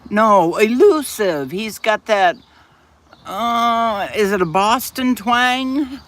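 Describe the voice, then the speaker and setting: A man's voice: very high-pitched, very slow, bright, forceful tone. A man hosting a casual livestream, chatting and answering viewer comments aloud. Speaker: livestream host. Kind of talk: casual live chat.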